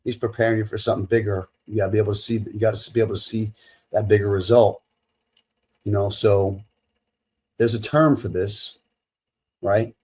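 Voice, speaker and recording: Husky low-voiced guy coaching on his podcast, punchy, repeats himself for emphasis. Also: steady tone, normal speed, long pauses, darkish tone. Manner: emphatic, repeats key phrases, bursts of laughter. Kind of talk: solo motivational podcast.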